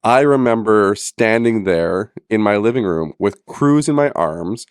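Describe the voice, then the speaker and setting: Guy cohosting a podcast, kinda low voice, teasing and laughing a lot, dry sound. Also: lively intonation, measured pace, clean tone, dry recording. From Manitoba, Canada. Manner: joking, teasing, laughs often. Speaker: podcast co-host. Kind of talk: casual chat.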